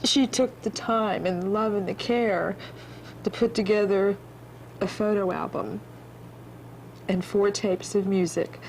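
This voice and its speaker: A woman's voice: medium pitch, steady tone, measured pace, pauses often, darkish tone, a little hiss or hum, rough recording. A middle-aged woman telling the emotional story of reuniting with her daughter, in a tender, rambling way with a few laughs. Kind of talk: emotional personal testimony.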